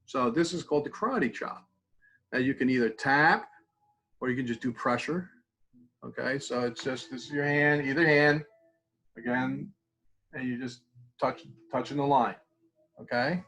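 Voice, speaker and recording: A middle-aged man leads a mindfulness class through a tapping routine. He talks in a relaxed, conversational way at a middling pitch. When he repeats the practice phrases, his voice sinks to a soft, quiet murmur. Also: moderate pace, pauses often, poor audio. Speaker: mindfulness instructor. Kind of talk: guided tapping exercise.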